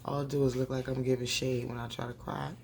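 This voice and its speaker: Creaky, chatty woman recapping a show. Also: extremely low pitch, slight background noise. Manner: animated, talks straight to viewers, laughs often. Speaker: TV recap vlogger.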